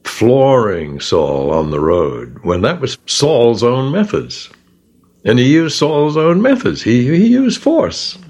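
A man leading a Bible study discussion, retelling scripture with animated storytelling and acted-out voices. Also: medium pitch, slow pace. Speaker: author and discussion leader.

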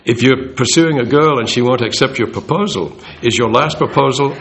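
A man giving an informal Bible talk, conversational and animated, acting out the quoted speech. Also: mid-range voice, a little fast, few pauses. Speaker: Bible teacher.

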